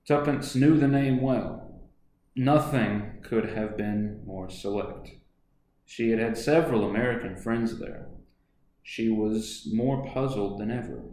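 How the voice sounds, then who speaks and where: A man narrates a novel in a measured, steady reading voice. His pitch sits in the middle, and the sound rings in a roomy, echoey space. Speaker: reader. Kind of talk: audiobook narration. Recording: echoey room.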